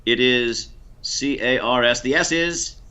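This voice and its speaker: A man with an American Ohio accent running a quiz, dry, deliberate and teasing. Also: mid-range voice, pushed and bright, clear, resonant tone. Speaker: quizmaster.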